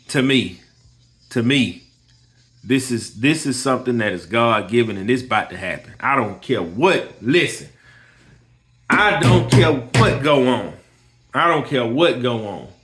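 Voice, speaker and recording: An emphatic man in a medium-pitched voice, talking earnestly to the camera about his own business. He repeats himself for emphasis and keeps urging the listener to listen as he tells a story. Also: very animated, measured pace, fairly bright tone. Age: adult with kids. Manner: storytelling with quoted dialogue. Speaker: lawn care business owner. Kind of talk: motivational personal talk.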